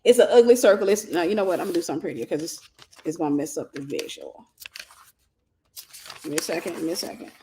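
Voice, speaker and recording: Her voice sits on the low side and moves quickly, broken by long pauses, as this mentor hosts a faith livestream. She teaches in a chatty way, citing scripture and reasoning out loud, with background noise and roomy echo.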